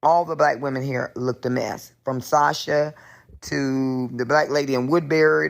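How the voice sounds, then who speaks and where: Woman, Southern Georgia accent, gravelly, emphatic caller message. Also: a bass voice. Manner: animated, emphatic, goes off on tangents. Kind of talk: recorded voice message, casual rant.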